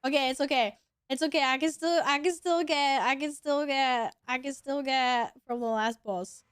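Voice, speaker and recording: Young woman, game streamer, casual chatter, higher voice, dry close sound. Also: fairly even intonation, normal speed, a bit bright, no echo. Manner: chatty, talking to chat while playing, swears casually. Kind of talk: casual gameplay commentary.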